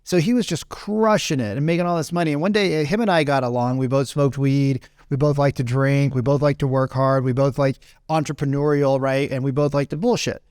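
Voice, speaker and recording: A man's voice: mid-range voice, steady tone, fairly quick, few pauses, darkish tone, smooth, no room sound, clean studio sound. A man around forty telling a rambling business story in a casual talk and keeping on asking "right?". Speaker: business speaker.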